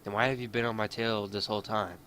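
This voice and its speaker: A man voicing a sharp, suspicious young woman basketball player in a game playthrough, speaking in an accusing, questioning way. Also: on the low side, fairly even intonation, fast talker, a little hiss or hum.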